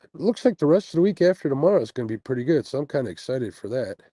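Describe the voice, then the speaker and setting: Reading viewer comments on a casual fishing livestream, a sleepy man yawns after a sleepless night, yet stays laid-back and chatty with frequent fillers and little laughs. He speaks rapid-fire in a sing-song, medium-pitched voice with a dark tone. The sound, from an earbuds mic on a phone stream, has no room sound and is low quality.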